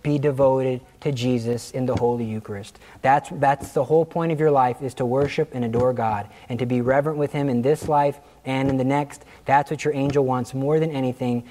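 A man's voice: mid-range voice, fairly even intonation, brisk, hardly any pauses, mellow. A male teacher giving an anecdotal class talk, telling stories with animation, laughing at his own jokes and acting out the people he quotes.

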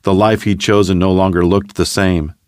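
A man narrating a dramatic story in a steady, measured way. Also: sits low, no room sound, clean studio sound. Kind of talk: scripted narration.

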